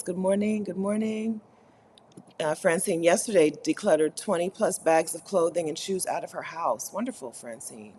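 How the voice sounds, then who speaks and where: A woman's voice: lowish voice, a little mellow, a little hiss or hum. A woman hosting a live co-working stream, reading chat messages aloud and chatting playfully, with frequent laughter. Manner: chatty, laughs often, playful mock complaints. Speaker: livestream host reading chat. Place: Caribbean.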